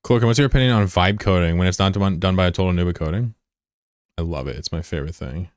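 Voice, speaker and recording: Low, smooth-voiced man in his thirties streaming. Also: fast, dry recording, clean studio sound. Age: 30s. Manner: loose, profane, giggly banter with chat. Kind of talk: casual live gameplay commentary.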